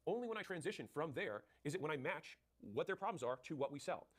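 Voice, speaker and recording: A man's voice: on the high side, expressive. A man coaching on sales in a punchy, direct way, acting out both sides of sales calls and answering questions. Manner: rapid, punchy, acts out sales dialogue. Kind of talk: fast sales coaching talk.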